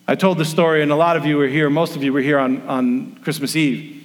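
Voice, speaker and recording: Pastor preaching in a reverberant hall. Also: male voice, on the high side, brisk. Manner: storytelling, acts out quoted voices. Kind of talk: sermon. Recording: long reverb of a large room.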